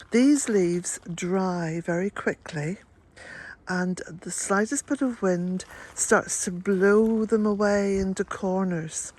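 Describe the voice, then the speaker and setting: An older woman, chatting to camera in a gentle, rambling way and chuckling often. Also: medium pitch, a little hiss or hum. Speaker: vlogger. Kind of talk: casual chat to camera.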